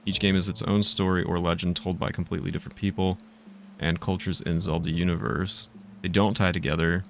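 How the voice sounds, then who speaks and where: Man, casual game stream commentary, low voice, gravelly fry. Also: flat delivery, brisk, slight background noise. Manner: chatty, rambling, chuckling.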